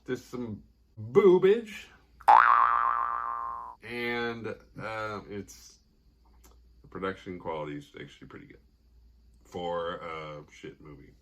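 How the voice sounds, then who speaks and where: A man's voice: deep voice, expressive, takes it slowly, pauses often, a little mellow, slight background noise. A man hosting a horror movie podcast, casually recapping the plot with profanity and sarcasm and acting out the characters' lines.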